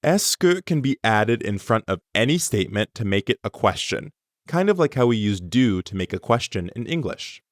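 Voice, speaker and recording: A man teaching a language lesson, pronouncing words slowly and carefully for learners. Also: lowish voice, sing-song, no room sound, clean studio sound. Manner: slow, careful pronunciation for learners. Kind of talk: scripted lesson narration.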